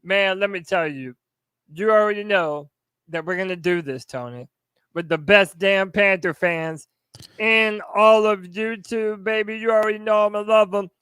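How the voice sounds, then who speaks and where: A man co-hosting a sports podcast, energetic and hyped. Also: high voice, normal speed, clean tone, no echo. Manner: energetic, hype, shouting out fans. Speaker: podcast co-host. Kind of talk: hype sports podcast talk.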